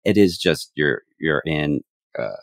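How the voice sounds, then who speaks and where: A man's voice: very deep voice, expressive, unhurried, vocal fry, dry recording, studio quality. A man guest on a podcast, telling rambling set stories with many restarts. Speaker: camera operator guest. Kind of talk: casual podcast chat.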